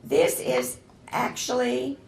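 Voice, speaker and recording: A woman's voice: on the high side, sing-song, takes it slowly, vocal fry, slight background noise. A woman guest lecturer giving an enthusiastic, digressive classroom talk, speaking straight to her audience. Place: lecture room. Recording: echoey room recording from a distance.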